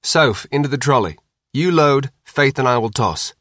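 A man's voice: medium pitch, lively intonation, moderate pace, a bit bright, no echo, studio quality, natural voice. A man voicing a middle-aged father and former soldier who gives clipped, matter-of-fact orders.

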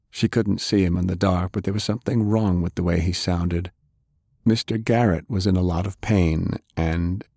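Low voiced guy reading an audiobook, measured and even, dry studio sound. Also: slightly rough, no room sound. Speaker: audiobook narrator. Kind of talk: scripted audiobook narration.

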